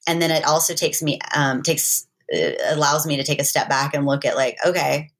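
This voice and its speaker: A woman with a notably low voice speaks earnestly in casual conversation. She talks things through reflectively, often slipping into quoted lines from herself and a friend. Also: brisk.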